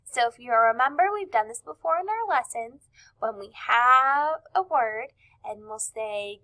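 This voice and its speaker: Upbeat lady teacher stretching out word sounds, bright tone, kinda high. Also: lively intonation, low-quality recording. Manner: slow, clearly stretched-out sounding of words. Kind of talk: recorded classroom reading lesson.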